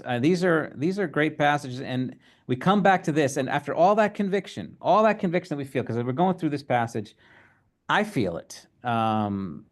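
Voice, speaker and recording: A man talks through a Bible study in a relaxed, unscripted way. He pauses often, restarts his sentences and fills gaps with small hesitations. His pitch sits in the ordinary middle range for a man. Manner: thoughtful, halting, many fillers. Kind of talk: casual teaching talk.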